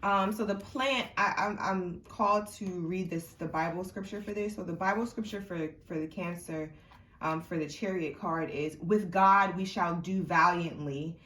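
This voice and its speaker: A woman's voice: fairly low pitch, normal speed, fairly bright tone, distant mic. Congested woman reading tarot, echoey room. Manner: chatty and rambling, many fillers and restarts. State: congested sinuses. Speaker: tarot reader. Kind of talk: casual tarot reading to camera. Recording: echoey room, mic set back.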